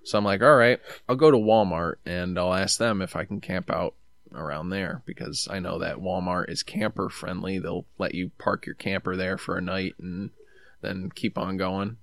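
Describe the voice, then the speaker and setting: A man's voice: deep voice, fairly even intonation, moderate pace, vocal fry, fairly bright tone, dry recording, studio quality. A man telling a long travel story in a rambling, laid-back way, acting out what people said to him. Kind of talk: casual storytelling.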